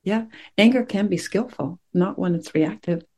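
A woman meditation teacher gives a dharma talk to her class in a gentle, reflective way, often pausing as she searches for words. Her voice is mid-range and husky.

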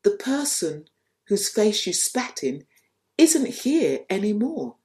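A woman voicing a serene, calm male spiritual teacher. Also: medium pitch, takes it slowly, pitched above the performer's own voice.

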